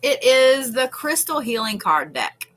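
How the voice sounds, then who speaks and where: Bright-voiced chatty tarot reader. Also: female voice, a little high, sing-song, a little slow. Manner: chatty, swears casually, reassuring asides. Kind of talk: live-stream card reading.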